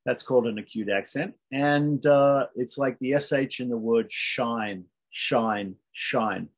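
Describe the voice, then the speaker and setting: A man teaching a beginners' Sanskrit lesson, patiently repeating each sound slowly so learners can follow. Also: medium pitch, a little mellow.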